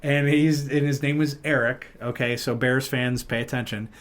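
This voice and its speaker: A man's voice: mid-range voice, moderate pace. A man hosting a podcast, chatting casually and telling stories with plenty of fillers and restarts. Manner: rambling, animated storytelling with fillers and laughs. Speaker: podcast host. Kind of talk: casual chat.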